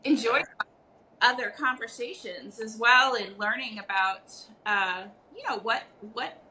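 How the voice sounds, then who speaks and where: A woman's voice: on the high side, a little slow, slight background noise, rough recording. A woman guest potter in a casual video-call chat, talking with frequent ums and easy laughs. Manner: warm, hesitant with many ums.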